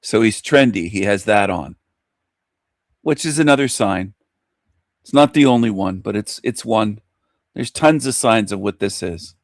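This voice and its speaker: A man's voice: on the low side, animated, a little slow, pauses often, no room sound, studio quality. A man hosting a reaction commentary, mocking and confronting the video he is watching. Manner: mocking, confrontational, talks back at the clip.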